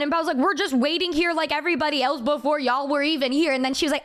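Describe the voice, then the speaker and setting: High-voiced young woman telling a story. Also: fast talker. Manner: animated, heavy swearing, quotes people in raised voice. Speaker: streamer. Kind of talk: casual storytelling on stream.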